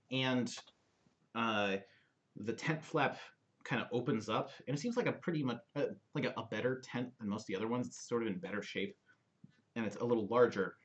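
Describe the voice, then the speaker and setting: A young man running a tabletop game as dungeon master, narrating the scene loosely with many fillers. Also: medium pitch.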